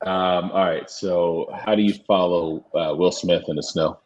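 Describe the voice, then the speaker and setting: A man chatting as a guest over a video call in a relaxed, laid-back way. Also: sits low, unhurried, muffled recording. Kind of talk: casual chat.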